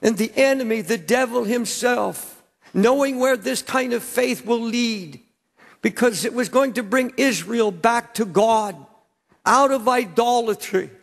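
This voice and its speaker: A man's voice: very high voice, unhurried, creaky. An older man, a pastor, preaching an impassioned sermon in a large church, repeating words as he presses his points. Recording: church hall with long reverb.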